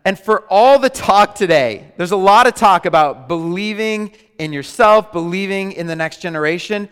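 Animated preacher in a reverberant hall. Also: male voice, high-pitched, normal speed, hardly any pauses, smooth. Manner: animated, joking with the congregation. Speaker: pastor. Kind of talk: sermon. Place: large church hall.

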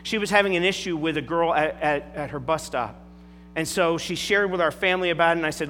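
A man's voice: a little high, fast, slight background noise. A middle-aged man preaching a sermon as a pastor, telling stories with emphatic asides. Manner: animated storytelling with emphatic asides. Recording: long hall reverb with faint music.

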